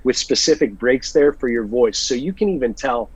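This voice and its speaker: Husky-voiced man telling stories. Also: mid-range voice, moderate pace, lo-fi sound. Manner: animated storyteller, earnest advice. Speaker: actor guest. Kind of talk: casual interview chat.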